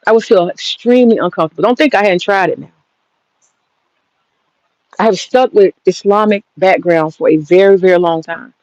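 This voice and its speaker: A woman's voice: mid-range voice, a little mellow, no echo. A woman in her thirties, ranting casually and profanely, answering a critic head-on in a combative way. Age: 30s. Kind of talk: heated casual rant. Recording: dull lo-fi sound.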